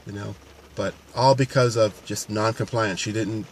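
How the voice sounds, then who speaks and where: Earnest male coach, lower voice, unscripted to-camera talk over faint traffic. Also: fairly even intonation, moderate pace. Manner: earnest, unscripted, many restarts. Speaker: paramedic and fitness coach.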